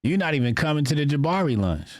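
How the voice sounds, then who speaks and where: A man co-hosting a podcast, talking in a casual, animated, mocking way and often mimicking other people. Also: a little high, fast, a crowd in the background. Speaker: podcast co-host.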